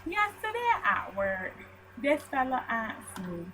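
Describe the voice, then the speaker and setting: A young woman from Barbados with a Barbadian accent, telling a story to camera in a casual vlog with animated, mock-outraged ranting. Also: a little high, slow, soft background music, poor audio. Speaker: vlogger.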